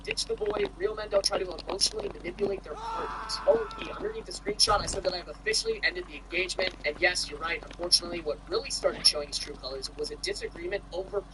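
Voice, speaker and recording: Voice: medium pitch, fast, few pauses, noisy background. A streamer in casual, profane commentary, reading posts aloud and chatting with viewers. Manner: animated and profane, lots of filler "like". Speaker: streamer reacting to online posts with chat.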